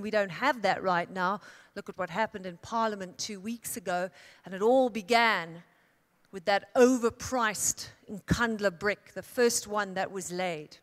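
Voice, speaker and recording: A woman from Italy tells a story from a conference stage, pausing for effect and letting her voice swell on key words. Her mid-pitched voice carries into a large hall with a long, ringing reverb. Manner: dramatic storyteller with emphatic pauses and swells. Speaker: keynote speaker. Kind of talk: storytelling speech.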